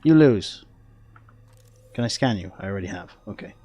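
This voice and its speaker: A man's voice: deep voice, racing, slightly rough, dry recording. A man with a Welsh accent giving casual gameplay commentary as a streamer, chatting with viewers and laughing often.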